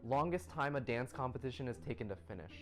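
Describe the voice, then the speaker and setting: A young man hosting a casual interview, chatty and relaxed, laughing easily as he asks quick questions. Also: mid-range voice. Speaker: interviewer and series host. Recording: faint music underneath.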